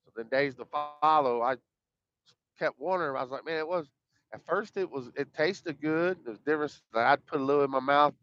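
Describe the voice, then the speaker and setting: A man's voice: fairly high pitch, normal speed, fairly bright tone, clear, resonant tone. A man telling a personal story in a folksy, rambling, colloquial way, acting out the dialogue. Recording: dull lo-fi dry sound.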